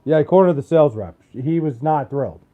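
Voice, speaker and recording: Young male streamer, slightly high voice, casual, swears often, weary banter with chat. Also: animated, fairly quick, phone-quality sound. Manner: loose, profane, joking banter with chat. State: tired. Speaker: livestreamer. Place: at home in Wisconsin.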